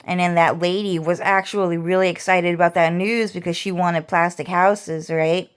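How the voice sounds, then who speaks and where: A woman's voice: on the low side, fairly even intonation, moderate pace, clean tone. A woman vlogger ranting casually, rambling and swearing as she repeats herself. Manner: rambling, profane, repetitive.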